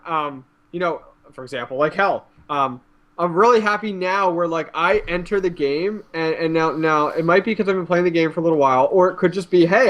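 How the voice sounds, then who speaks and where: A man hosts a laid-back gaming chat, going through patch notes with a fairly high voice. He laughs easily and throws in quick, dramatic reactions. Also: fairly bright tone, dull audio. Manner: chatty, laughs often, acts out reactions. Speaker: host. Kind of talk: casual gaming podcast chat.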